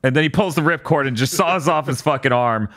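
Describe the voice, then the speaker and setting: A man's voice: a little high, a little fast, a bit bright, dry recording, clean studio sound. A young man hosting a podcast, recapping episodes in casual chat and often slipping into character voices. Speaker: podcast host.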